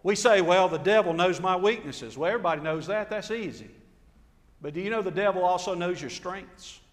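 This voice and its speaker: A man's voice: sits high, fairly bright tone, in a large hall. A man preaching a sermon, telling the story dramatically and acting out the quotes. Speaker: pastor.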